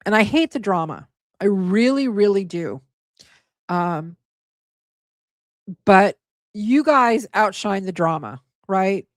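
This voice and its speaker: A tired, hoarse woman hosting a casual livestream, thanking her viewers and getting emotional, and stumbling over names. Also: medium pitch, expressive, takes it slowly, pauses often, no room sound, clean studio sound. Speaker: livestream host.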